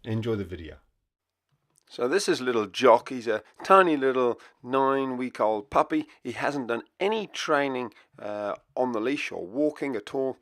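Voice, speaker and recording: A man's voice: medium pitch, animated, normal speed, a bit bright, no room sound, clean studio sound. A man who trains dogs, giving an upbeat, explanatory voice-over lesson. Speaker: dog trainer. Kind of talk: instructional voice-over.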